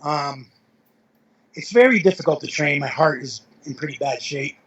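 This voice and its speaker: A man's voice: on the high side, normal speed, fairly bright tone, breathy edge, dull audio. A middle-aged man, a veteran powerlifter, telling rambling anecdotes as an interview guest, with self-corrections and chuckles. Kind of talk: casual storytelling interview.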